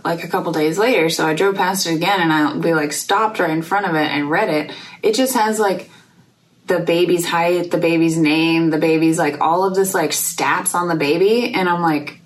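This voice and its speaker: Young woman, lowish voice, rambly chat, kinda far from the mic, faint hiss. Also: normal speed. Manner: rambling, lots of "like" and swearing. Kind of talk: casual chat.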